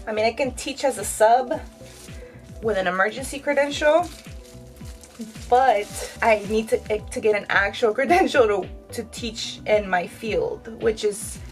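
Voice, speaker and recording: A thirties vlogger dyes her hair while speaking frankly to her viewers, her casual chat thick with fillers and tearful in places. She has a mid-range voice, captured on poor audio.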